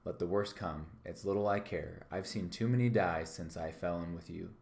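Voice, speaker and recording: A man voicing a defiant excited cabin boy. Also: low-pitched, moderate pace, natural voice. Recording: echoey room.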